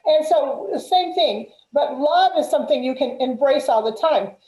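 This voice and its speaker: A woman's voice: high-pitched, expressive, normal speed, warm tone. A woman guest in a casual conversation, speaking in an affirming way and telling personal stories. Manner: affirming, tells personal anecdotes. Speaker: guest healer. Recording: roomy echo.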